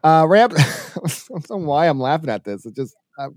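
A male co-host in casual chat, laughing often and talking with many fillers, sounding tired from a rough week. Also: on the high side, expressive, brisk, a little mellow, no room sound, clean studio sound. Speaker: radio co-host.

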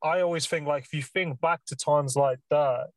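A man's voice: fairly high pitch, steady tone, normal speed, no room sound. A man hosting a podcast, talking in a loose, rambling way with many fillers. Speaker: podcast host. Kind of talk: casual interview chat.

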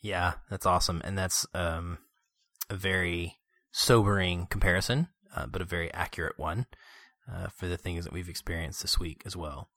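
A man in his thirties hosting a podcast, chatting casually and excitedly about a film with fillers. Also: low-pitched, normal speed, no echo. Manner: animated, excitable storytelling with filler words. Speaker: podcast host. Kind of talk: casual movie review chat.

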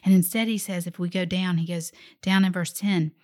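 A woman's voice: fairly low pitch, steady tone, fairly quick, darkish tone. A middle-aged woman and mother giving a conversational devotional Bible lesson, often dropping to an emphatic whisper. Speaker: mother teaching faith to children.

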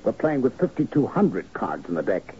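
A man's voice: on the low side, big pitch swings, moderate pace, mellow, a little hiss or hum. A man playing a shrewd, scheming executive aide in a 1970s radio drama, brusque and lecturing, on a dull lo-fi broadcast recording. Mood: curt. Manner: brusque, lecturing, explains in analogies. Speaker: corporate fixer.

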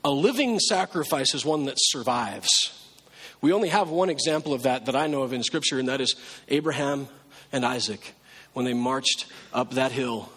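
A pastor preaching a sermon in a relaxed, conversational way, now and then acting out pleading prayers. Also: male voice, medium pitch, moderate pace, breathy edge, long reverb tail.

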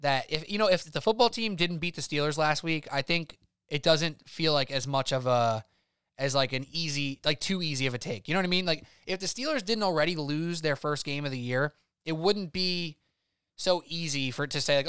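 Podcast guy giving betting picks, smooth voice, dry close sound. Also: on the high side, a bit bright, dry recording. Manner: emphatic, rapid-fire opinions. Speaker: sports betting podcast co-host. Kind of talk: casual sports betting chat.

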